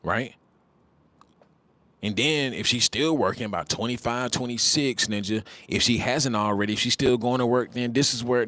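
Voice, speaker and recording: A man in his twenties with a mid-range, fairly bright voice hosts a casual livestream at normal speed. He talks bluntly, with mocking, slangy banter and repeated phrases.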